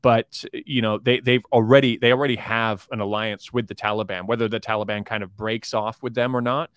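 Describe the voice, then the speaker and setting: A man in a podcast interview who talks rapidly, piling up fillers and restarts as he works through his thoughts. His voice sits at an ordinary pitch for a man. The sound is dry and close, with no room around it. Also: fairly even intonation, clean tone, no echo. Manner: fast, rambling, with many restarts and fillers. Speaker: political commentator guest. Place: based in China.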